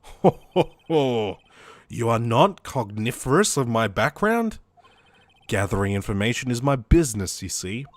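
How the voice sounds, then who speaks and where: A man voicing a sinister, smooth-talking male villain in a game, speaking slowly and gloatingly. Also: sing-song, no echo. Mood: menacing. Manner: slow, low, gloating delivery.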